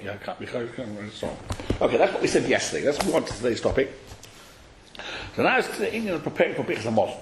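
A man teaching a study class, explaining a text to his students in an animated, questioning way and calling on them by name. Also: medium pitch, slight background noise. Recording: echoey room.

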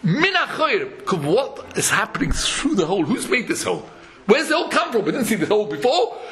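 A man giving a Torah sermon, chanting verses and acting out parables with frequent chuckles. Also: extremely high pitch. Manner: animated, chants verses, acts out quotes, chuckles often. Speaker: Torah lecturer.

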